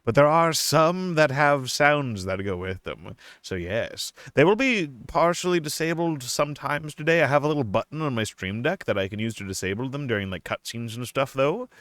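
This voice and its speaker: A man's voice: medium pitch, expressive, normal speed, few pauses, a bit bright, no room sound. A young man chatting casually on a live stream, playful and laughing often, slipping into a silly put-on accent.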